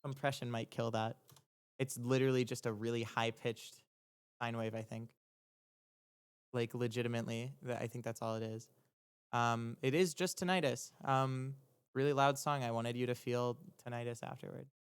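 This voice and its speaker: A young man in the middle of his range talks through his own music on a livestream. His voice is smooth and resonant, and his speech is loose and rambling, full of ums, false starts and the odd swear word. He comes across as a producer thinking aloud for his chat. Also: mid-range voice, steady tone, normal speed. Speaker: music producer streaming a track breakdown. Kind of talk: casual explanatory livestream talk.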